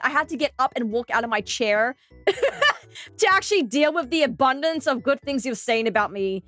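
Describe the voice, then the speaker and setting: A young Australian woman streaming live, chatting with her viewers in an animated, giggly, exclamatory way. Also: high-pitched, normal speed, soft background music.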